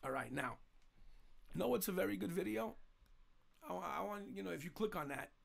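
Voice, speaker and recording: A man's voice: high voice, lively intonation, moderate pace, gravelly. A man with a New York accent hosting a casual political talk show, rambling and saying "you know" constantly. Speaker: host.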